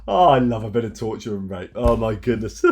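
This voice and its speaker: A man's voice: a little high, gravelly, slight background noise, pitched above the performer's own voice, heavily acted. A man sarcastically voicing a gloating, cackling man who mocks the suffering of others.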